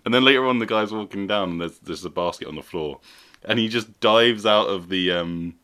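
Brief: low-pitched guy, giggly casual podcast banter. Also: a little fast. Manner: laughs often, chatty and animated. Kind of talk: casual chat.

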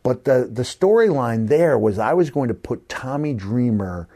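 Animated storytelling man, mid-pitched voice. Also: normal speed. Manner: lively anecdotes, calls the host brother. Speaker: podcast guest.

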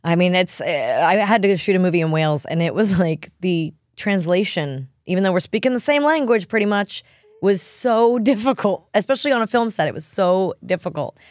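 A woman's voice: mid-range voice, animated, a little fast, a little mellow, no room sound, studio quality. A woman hosting a podcast in casual, bubbly chat, often breaking into laughter. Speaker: podcast host.

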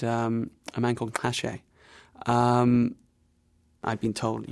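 A man interviewed about his travels, telling his story in an animated, wry way and laughing at himself. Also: mid-range voice, vocal fry, dry recording, studio quality. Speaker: interview guest.

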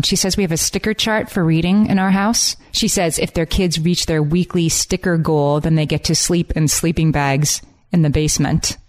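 Woman in her forties, upbeat podcast co-host, lowish voice, reads listener stories. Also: a little mellow. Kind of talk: casual chat, reading listener stories.

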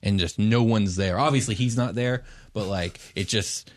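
Low-voiced man running a tabletop game. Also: moderate pace, no echo, studio quality. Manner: loose, chatty narration with fillers and laughs. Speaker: game master.

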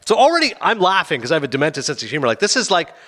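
A man hosting a casual film review chat, talking fast and acting out scenes in quoted voices. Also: on the high side, very animated, pushed and bright.

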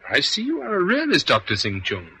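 An actor playing a calm, dry-witted detective held captive, in a vintage radio drama. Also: male voice, high voice, fairly quick, slight background noise, full character voice. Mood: wry. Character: wry captive male detective.

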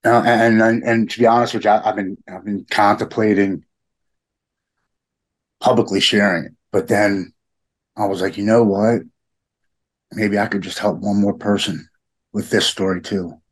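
Middle-aged man, podcast guest, rough husky low voice, halting heartfelt delivery. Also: fairly even intonation. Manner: halting, repeats words, heartfelt. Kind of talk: emotional personal conversation.

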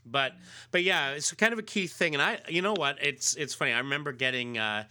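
Casual male co-host, very bright, halting. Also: on the high side. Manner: halting, fond reminiscing. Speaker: podcast co-host. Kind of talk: casual chat.

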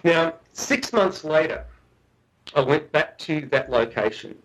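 A man's voice: on the high side, expressive, slow, fairly bright tone, low-quality recording. A middle-aged man, a guest researcher, telling a story in a podcast interview, earnest and often restarting and repeating his words. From Australia.

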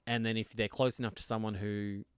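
A man's voice: lowish voice, flat delivery, a little fast, clear, resonant tone, no echo, studio quality. A man co-hosting a podcast in casual chat, thinking aloud and rambling with lots of fillers. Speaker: podcast co-host.

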